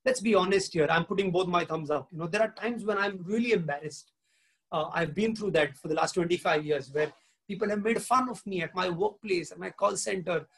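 A pastor delivers a sermon in a fairly high, husky voice. He keeps turning to his listeners with questions and slips in Hindi phrases along the way. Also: brisk, fairly bright tone, low-quality recording. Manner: engaging, asks the congregation questions.

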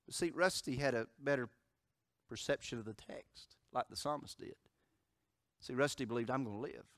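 A man preaching a sermon as pastor, moving from loud emphatic declarations to hushed storytelling. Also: mid-range voice, moderate pace, no room sound, studio quality.

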